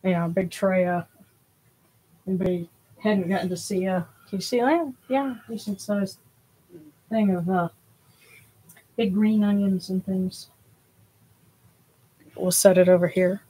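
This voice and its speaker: A woman's voice: medium pitch, unhurried, long pauses, warm tone, a little hiss or hum. A woman hosts a spiritual livestream in casual, rambling chat, a little out of breath. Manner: rambling, with many fillers and restarts.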